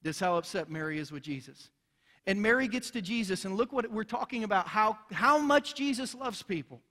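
High-voiced preacher in a reverberant hall. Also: male voice, expressive, brisk, sharp tone. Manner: earnest, emphatic preaching with rising intensity. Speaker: pastor. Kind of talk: sermon. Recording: long reverb of a large hall.

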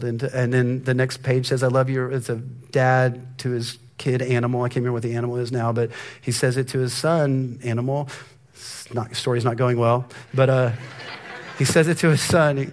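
A middle-aged man giving a sermon, telling a story about his son and at times dropping to a near whisper for emphasis. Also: mid-range voice. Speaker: pastor.

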